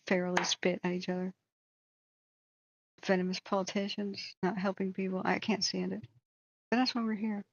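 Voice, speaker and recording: A woman's voice: mid-range voice, no echo, muffled recording. A woman who hosts a wildfire tracking channel, giving a blunt, heated commentary rant with swearing.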